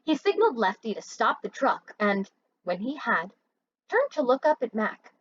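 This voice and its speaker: A woman's voice: a little high, very animated, moderate pace, fairly bright tone, husky, dull audio. A woman teacher reading a children's book aloud expressively and asking her listeners questions.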